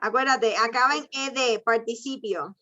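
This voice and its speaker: A woman with a fairly high, sharp voice moves fairly quickly through a web-based English class, encouraging students as she calls on them and alternating between English and Spanish. The video call recording sounds dull and lo-fi.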